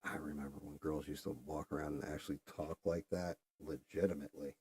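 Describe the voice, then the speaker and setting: A man chatting casually and profanely while he paints. He rambles and trails off into quiet muttering. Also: very deep voice, little pitch movement, a little fast, breathy edge. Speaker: streamer painting a figure. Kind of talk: casual chat while working.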